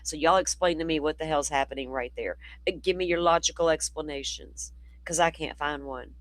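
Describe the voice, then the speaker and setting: Chatty and meandering, this male livestream host talks to his chat in casual live commentary, sounding worn out from a full day of talking. His voice is a little high and a bit bright, and he speaks a little fast. The audio is poor but has no echo.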